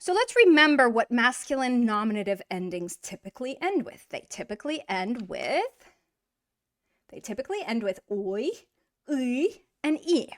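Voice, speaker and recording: A woman teaching a grammar lesson in a chatty, encouraging way, asking rhetorical questions and slowly drawing out example words. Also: on the high side. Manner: drawn-out model pronunciation of example words. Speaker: Russian language teacher.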